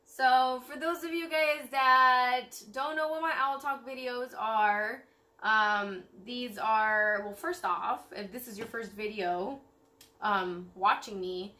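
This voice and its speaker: Bubbly young woman vlogger, bright voice. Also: a little high, takes it slowly. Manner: bubbly, rambling with many fillers. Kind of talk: casual vlog chat.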